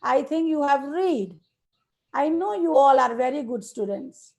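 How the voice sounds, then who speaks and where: Woman, Nepali accent, primary teacher in an online class, high voice, unhurried, repeats each word. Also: animated, creaky, a little mellow. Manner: slow, repetitive dictation to students. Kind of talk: online class for young children.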